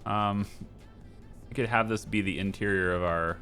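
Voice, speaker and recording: A man's voice: on the low side, fairly even intonation, moderate pace, pushed and bright, soft background music. A man giving casual gameplay commentary, rambling, indecisive and poking fun at himself as he decorates. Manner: rambling, indecisive, self-mocking. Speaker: gameplay streamer.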